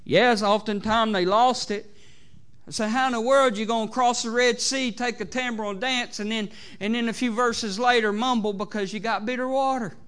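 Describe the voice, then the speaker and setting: Southern US male pastor, high voice, sermon delivery, swings loud to soft, frequent amens. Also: fairly even intonation, moderate pace, smooth. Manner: preachy, rising and falling between loud exhortation and soft asides, many "amens". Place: church sanctuary.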